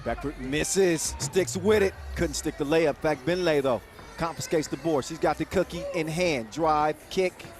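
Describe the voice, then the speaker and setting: A man calling a basketball game live, quick and jokey, with excited bursts on big plays. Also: a little high. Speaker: play-by-play commentator. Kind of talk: live sports commentary. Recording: commentary over loud arena music and crowd.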